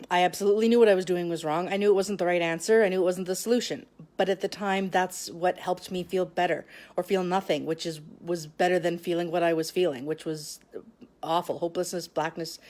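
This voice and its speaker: A woman vlogger sharing a personal story straight to camera. She talks in a halting way, with frequent restarts and long pauses, and sounds emotional and close to tears. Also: fairly low pitch, a little mellow. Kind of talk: personal confessional talk to camera.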